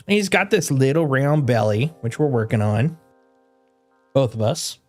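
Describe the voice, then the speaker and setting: A man's voice: mid-range voice, slow, long pauses, darkish tone, faint music behind. A man chatting casually on his game livestream. He rambles with restarts and laughs, and coos at his dog in doting baby talk. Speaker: game streamer.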